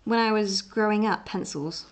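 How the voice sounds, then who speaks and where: Drawing at home on a live stream, a young Englishwoman with a touch of Essex in her accent chats at a moderate pace in a mid-range voice. She rambles casually, full of fillers and restarts.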